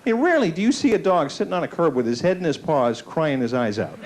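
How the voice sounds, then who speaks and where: A man's voice: on the high side, sing-song, fast talker, hardly any pauses, a faint crowd. A man doing a stand-up comedy set, telling self-mocking stories and slipping into put-on voices. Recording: faint hiss from an old VHS tape. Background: audience laughter.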